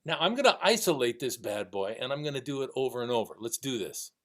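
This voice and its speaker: A man's voice: mid-range voice, lively intonation, fast talker, hardly any pauses. A middle-aged man teaching music online, counting rhythms aloud in a casual, encouraging way over a video call. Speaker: music instructor. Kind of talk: recorded online class lecture.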